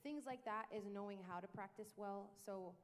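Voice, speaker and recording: A woman on a worship team who also teaches music, talking casually on a panel in a quick, chatty way full of likes and restarts. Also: medium pitch. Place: church worship space. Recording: echoey hall reverb.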